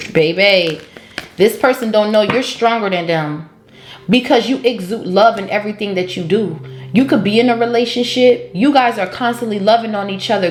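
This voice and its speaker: A woman's voice: mid-range voice, background noise. Brash woman tarot reader, echoey room. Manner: blunt, profane, sings song snippets. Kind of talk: casual tarot reading. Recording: echoey room with faint music.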